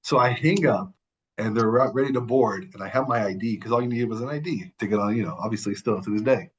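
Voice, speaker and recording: A man, a podcast guest, telling a story in a casual, animated and profane way, acting out the people he quotes. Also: fairly low pitch, fast, highs cut off.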